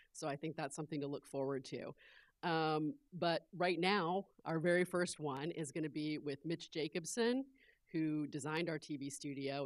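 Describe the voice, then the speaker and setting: A woman's voice: low voice, dry recording. A woman who chairs a college department, welcoming an auditorium audience in an upbeat, friendly way. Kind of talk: event welcome speech.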